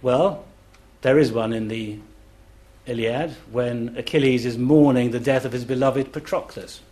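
A man lectures on a festival panel with an unhurried, deliberate delivery. He speaks at a middle pitch and stops to chant rhythms aloud as examples. His manner is that of a scholar laying an idea out carefully. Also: steady tone, dark tone. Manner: measured and deliberate. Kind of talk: explanatory public talk.

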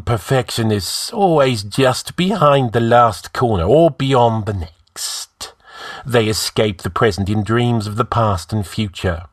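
A man's voice: lowish voice, no room sound, studio quality, voice pushed up. A man voicing an arrogant, scheming male outlaw who gives orders in a commanding, scornful way.

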